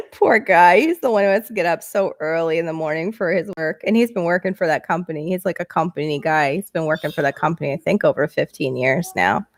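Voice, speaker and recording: Middle-aged woman, casual livestream chat, headset mic, fairly low voice, dry close sound. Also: fast talker, hardly any pauses, dry recording. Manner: chatty, laughs often, voice jumps up when excited. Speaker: livestream host reading viewer chat. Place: small home bedroom.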